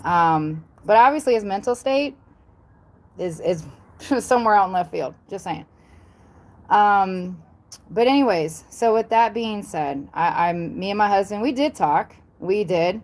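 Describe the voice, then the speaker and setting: A woman from the American South chats casually on her livestream in a Southern accent, speaking at a measured pace with a mid-range voice. She rambles and repeats herself, dropping lots of ums, blunt asides, and some mild swearing.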